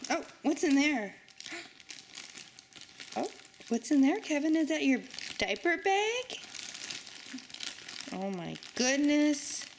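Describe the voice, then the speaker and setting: A woman's voice: high voice, creaky. A young mother at home, coaxing and cooing at her baby and dogs in sing-song baby talk. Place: at home indoors. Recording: noisy home recording.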